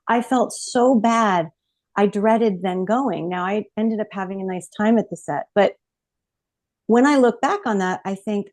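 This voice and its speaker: A woman telling a personal story in a lively, expressive way on a podcast. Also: medium pitch, normal speed. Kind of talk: casual storytelling.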